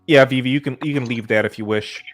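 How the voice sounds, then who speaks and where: A man's voice: medium pitch, quick pace, soft background music. A man hosting a podcast, chatting casually and easygoing, with frequent uhs. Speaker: podcast host. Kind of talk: casual chat.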